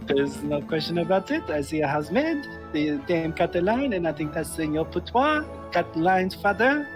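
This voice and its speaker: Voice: medium pitch, normal speed, music in the background. A game streamer bantering and teasing their co-player. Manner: teasing, giggly, animated. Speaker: gaming streamer. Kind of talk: casual let's-play banter.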